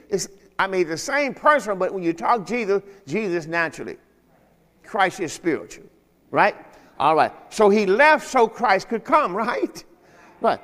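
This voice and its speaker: A man's voice: high-pitched, expressive, moderate pace, fairly bright tone, long reverb tail. A man preaching a sermon as pastor, emphatic and often checking that the congregation understands. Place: church service.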